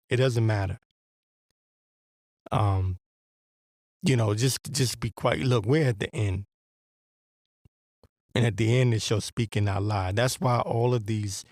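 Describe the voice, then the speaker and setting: A man's voice: on the low side, dry recording, clean studio sound. A man hosting a podcast, delivering a blunt, profane, rambling religious commentary with a preacher-like edge. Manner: rambling with restarts. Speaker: podcast host.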